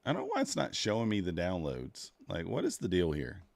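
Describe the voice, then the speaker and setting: A man with a low, deep voice chats loosely with his stream audience as he trades. He rambles and mutters to himself while hunting through his software. The sound is close and dry, with no room around it. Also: huge pitch swings, fairly quick, vocal fry, no room sound. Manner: rambling, talks to chat while fiddling with software. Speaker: livestreaming futures trader. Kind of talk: casual livestream chat.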